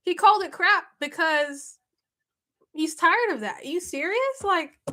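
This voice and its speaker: Stream host: woman, high bright voice, emphatic casual chat, laughs a lot. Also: expressive, unhurried. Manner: emphatic, repeats herself, laughs often. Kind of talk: casual reaction chat with viewers.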